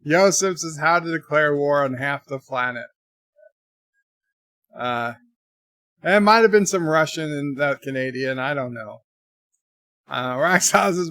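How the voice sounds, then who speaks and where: A man's voice: fairly high pitch, unhurried, vocal fry, a bit bright, no echo. A man hosting a casual livestream, reading viewer questions and rambling as he tries out silly put-on accents. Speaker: livestream host. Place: home.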